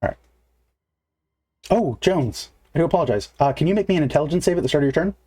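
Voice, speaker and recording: A man's voice: on the high side, animated, fast, mellow, husky. A man narrating as game master in a casual, filler-heavy way, counting moves aloud.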